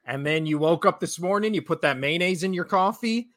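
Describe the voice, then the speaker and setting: A man's voice: sits high, fairly quick, fairly bright tone, no room sound, studio quality. A man in his thirties co-hosting a casual sports podcast, joking and rambling, laughing often. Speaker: podcast co-host.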